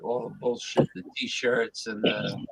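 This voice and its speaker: A man chatting casually on a group call, halting often with fillers as he talks. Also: mid-range voice, level tone, vocal fry, slight background noise, poor audio. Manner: hesitant, halting with many fillers. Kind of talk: casual chat.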